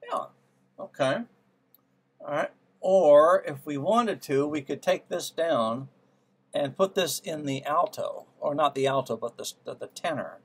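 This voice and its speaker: Speaking a little slowly in a slightly high, breathy voice, a man gives a music theory lesson. He muses and tries ideas out loud as he works through them, with piano playing behind him.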